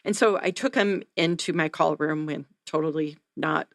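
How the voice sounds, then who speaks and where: Low-voiced woman telling a story. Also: normal speed, no room sound, clean studio sound. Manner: earnest, animated retelling with acted quotes. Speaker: neonatal nurse practitioner, nonprofit founder. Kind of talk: interview storytelling.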